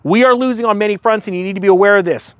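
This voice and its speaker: A fired-up man delivers heated commentary, reading news stories aloud and cutting in with blunt asides. His voice sits high for a man, and it sounds close and dry, with no room echo. He talks emphatically and does not let up. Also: very fast. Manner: reads news aloud then breaks off to comment. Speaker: host of a finance commentary channel.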